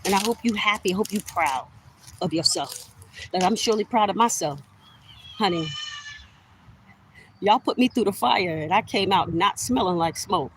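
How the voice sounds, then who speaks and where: This heated, accusatory rant comes from a middle-aged woman vlogging straight to camera, who says "y'all" to her audience and hammers her points through repetition. Her mid-range voice has a fairly bright tone, normal speed, and frequent pauses. A little hiss or hum sits under the poor audio.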